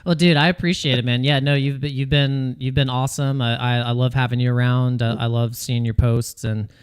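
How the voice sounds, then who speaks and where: A man hosting a casual livestream chat, relaxed and laughing, often repeating words. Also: mid-range voice, a little fast, clear, resonant tone. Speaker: host.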